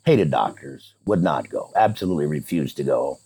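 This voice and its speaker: Deep, husky-voiced man telling a story. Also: normal speed. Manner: animated retelling, voicing both sides of remembered dialogue. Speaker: interview guest. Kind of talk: casual storytelling in conversation.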